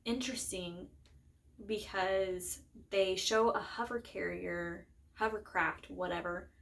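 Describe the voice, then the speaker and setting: A woman's voice: mid-range voice, takes it slowly, vocal fry, fairly bright tone. A young woman chatting casually about a book and its film, rambling with lots of fillers and self-corrections. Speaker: book vlogger. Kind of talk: casual chat.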